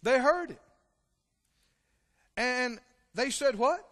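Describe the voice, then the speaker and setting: Impassioned preacher in a reverberant hall. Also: male voice, very animated, measured pace. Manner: impassioned, rising to loud exclamations then dropping low. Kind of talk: sermon.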